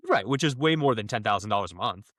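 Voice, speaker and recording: A young man co-hosting a podcast in casual chat, animated and quick to laugh. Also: lowish voice, dry recording, studio quality. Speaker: podcast co-host.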